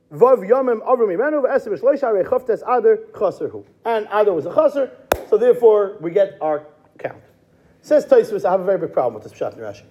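A man's voice: sits high, slightly rough, dull audio. A man teaching a Talmud class, chanting quoted texts and explaining them step by step in English. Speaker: Torah teacher.

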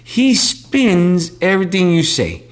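A man's voice: high-pitched, huge pitch swings, slow pace. A man hosting a podcast in casual chat, joking and rambling, laughing between his words. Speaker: podcast host.

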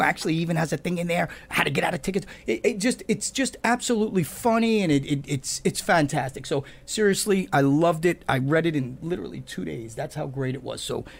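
A police officer who is a guest on a talk show, telling stories in an excitable, jokey way. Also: male voice, high voice, vocal fry. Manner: excitable, jokey, gets loud when telling a story. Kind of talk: animated storytelling on a talk show.

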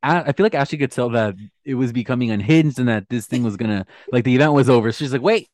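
A man's voice: medium pitch, quick pace, a little mellow, dry recording. A man co-hosting a casual podcast, recapping episodes and laughing often. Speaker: podcast co-host.

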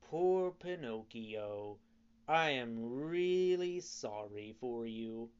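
A man voicing a hundred-year-old talking cricket in a storybook reading, lecturing calmly and solemnly. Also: mid-range voice, very slow, smooth, dull audio. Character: ancient talking cricket, calm and preachy.

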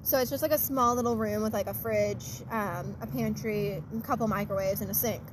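A woman's voice: medium pitch, fairly quick. A teenage girl co-hosting a casual podcast, giggling often as she tells stories about school. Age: teens. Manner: giggly, chatty storyteller. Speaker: podcast co-host. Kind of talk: casual chat. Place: car in a parking lot at night. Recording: faint traffic noise in a parking lot.

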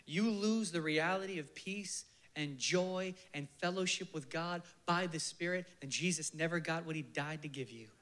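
Man preaching with hushed passion. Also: on the high side. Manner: passionate, swinging from emphatic bursts to hushed near-whispers; leads the listeners in a slow, soft prayer. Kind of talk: sermon.

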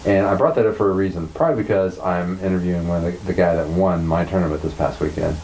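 A man's voice: deep voice, steady tone, fast, a little mellow, a little hiss or hum, low-quality recording. A man co-hosting a podcast in casual chat, rambling and self-deprecating as he tells his stories. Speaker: podcast co-host.

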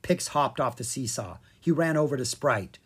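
A narrator reading a children's chapter book aloud, with animated storytelling and a distinct voice for each character. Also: medium pitch, moderate pace, husky. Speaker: audiobook narrator.

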